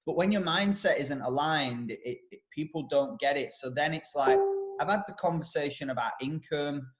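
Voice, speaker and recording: A man's voice: fairly high pitch, moderate pace, soft background music. A man co-hosting a casual podcast, talking in a rambling, blunt way with many restarts. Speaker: podcast co-host, personal development coach. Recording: roomy echo.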